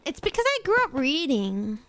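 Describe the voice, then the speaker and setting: A woman chatting casually while playing a game on stream, rambling through quick asides and laughing often. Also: sits high, wildly swooping pitch, a bit bright. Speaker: VTuber streamer. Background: faint background music.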